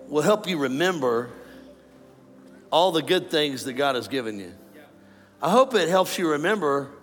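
A man preaching a sermon to a congregation, animated and joking with the crowd. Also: on the high side. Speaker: pastor. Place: large church auditorium. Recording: long hall reverb, faint ambience.

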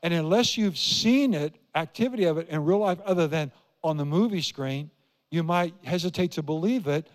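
An older pastor from Iowa preaches a sermon in a church sanctuary, his slightly high voice moving at normal speed. He drives his points home with repetition and questions to the congregation, and a long reverb fills the large hall.

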